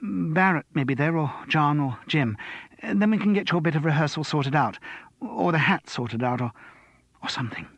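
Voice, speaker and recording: A man's voice: medium pitch, lively intonation, normal speed, husky, no room sound, highs cut off. A man voicing a flustered young woman who works in television, speaking in urgent, breathless hisses. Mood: desperate. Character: flustered young woman TV researcher herding guests.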